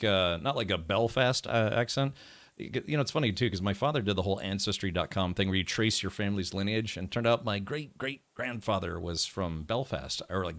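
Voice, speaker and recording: A man's voice: sits low, fairly bright tone. An American man commentating his gameplay live, chatty and rambling with many asides. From United States. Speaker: game streamer.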